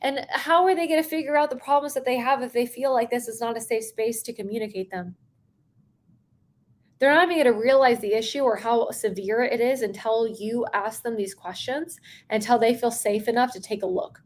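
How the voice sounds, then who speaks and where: A young woman coaching on sales during a live stream, talking fast and chatty with lots of fillers. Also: a little high.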